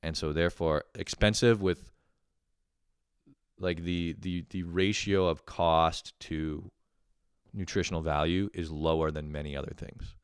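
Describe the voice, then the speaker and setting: A man's voice: low voice, unhurried, clear, resonant tone, no echo, studio quality. A young man from Canada talking in a casual, rambling, profane monologue to his audience. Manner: profane, rambling, animated when telling stories. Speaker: vlogger.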